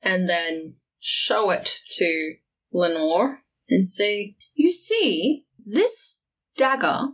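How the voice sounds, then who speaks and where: A woman's voice: medium pitch, lively intonation, drawn-out words, a bit bright, breathy edge, rough recording. Woman playing a sly haggler in a tabletop game. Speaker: player. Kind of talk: tabletop role-play, in and out of character.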